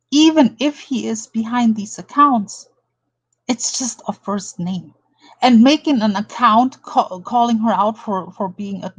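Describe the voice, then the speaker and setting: A woman's voice: a little high, rough recording. A woman from Germany doing a blunt, indignant drama commentary, calling someone out and reading an article aloud. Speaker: commentary vlogger.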